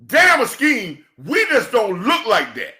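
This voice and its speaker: A man in a passionate, preachy football rant, swinging between shouting and quiet emotion, calling his listeners "church". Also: very high-pitched, huge pitch swings, slow. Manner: preachy, emphatic, calls audience "church". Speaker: football commentator. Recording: echoey room.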